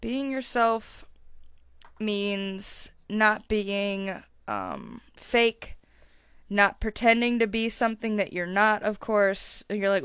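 A young woman in her twenties hosting a casual solo podcast, chatty and swearing freely, with her loudness swinging up and down as she talks. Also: mid-range voice, animated, slow, smooth, dry recording, clean studio sound. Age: 20s. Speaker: podcast host.

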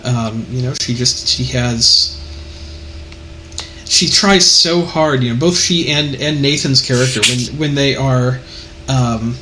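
A man's voice: medium pitch, slow, bright, forceful tone, a little hiss or hum, poor audio. A man in casual conversation about a movie, speaking thoughtfully and hesitantly with many fillers. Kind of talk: casual film discussion.

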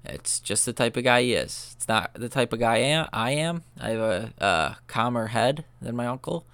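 A man's voice: medium pitch, expressive, moderate pace, a bit bright, clean tone, no echo. A young man hosting a podcast, telling a story in loose, profane chat full of fillers. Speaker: podcast host. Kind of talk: casual rambling storytelling.

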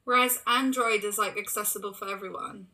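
A young woman chatting casually as a co-host, excitable and quick to laugh. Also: medium pitch. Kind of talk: casual chat.

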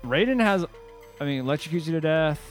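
A man's voice: on the high side, lively intonation, fairly quick, faint music behind. A man hosting a casual podcast chat, joking around with crude humor. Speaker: podcast host.

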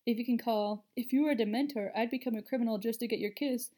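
A woman doing a brisk, teasing schoolgirl witch. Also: a little high, mellow, close to an everyday voice. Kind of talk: story reading.

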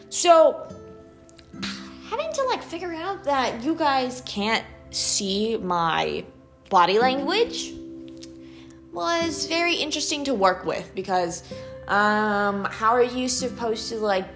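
A young woman with a medium-pitched voice and a Valley Girl accent hosts a student podcast solo, chatting animatedly in a casual monologue packed with "like" and "okay."

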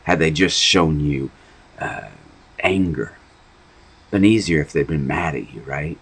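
A man's voice: a bass voice, a little slow, gravelly, a bit bright, breathy edge, poor audio. A man giving an informal, rambling sermon on a podcast, talking conversationally with many restarts. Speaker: preacher.

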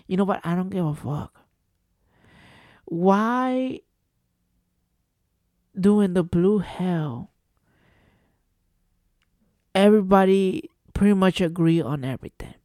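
Speaking a little slowly with long pauses, this high-pitched podcast host from New Jersey, USA, has a darkish tone. The studio-quality audio has no echo. On his solo show he rants casually, exasperated and profane, firing off rhetorical questions.

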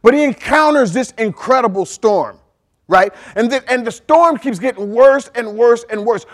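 High-voiced man preaching a lively sermon. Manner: animated storytelling with sudden shouted outbursts; conversational, with frequent "right?" asides to the congregation. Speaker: pastor.

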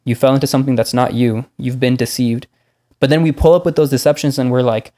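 A man in a casual faith conversation, speaking in a relaxed way with lots of "like" fillers. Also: mid-range voice, fast talker.

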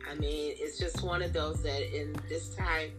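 A woman in her forties speaks as a guest on a podcast, her voice very low and earnest. Music plays clearly behind her, and she sounds fond and sincere throughout. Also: steady tone, a little slow. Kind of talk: casual chat.

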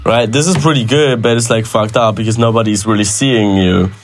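Casual man with a lowish voice. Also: steady tone, brisk, soft background music. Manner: loose, repetitive restarts and swearing. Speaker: podcast co-host. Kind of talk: casual chat.

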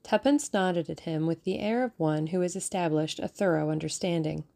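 Low, gravelly woman narrating a novel. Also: normal speed, dark tone. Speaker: audiobook narrator. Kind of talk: audiobook narration.

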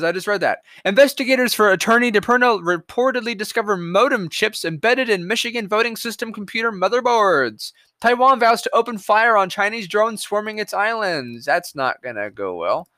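A podcast host reading headlines aloud in solo commentary, breaking off into profane, sarcastic, mocking asides. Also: male voice, high voice, bright, forceful tone, no echo.

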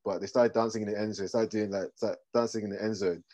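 A man, co-hosting a casual sports podcast and telling stories in a relaxed, rambling way. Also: on the low side, fast, rough recording. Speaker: podcast co-host.

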